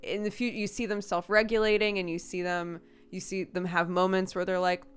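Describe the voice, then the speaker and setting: A woman's voice: fairly low pitch, level tone, a little fast, clear, resonant tone. A woman in her thirties, a streamer chatting casually and candidly, swearing freely and laughing often. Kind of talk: casual chat.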